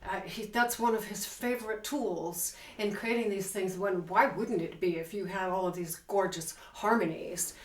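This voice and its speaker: In a room with a piano, a woman teaches piano, counting beats and singing rhythms aloud as she plays, emphatic and enthusiastic about accents and articulation. Her medium-pitched voice moves at normal speed with hardly any pauses, captured far from the mic in a roomy recording dominated by loud piano playing.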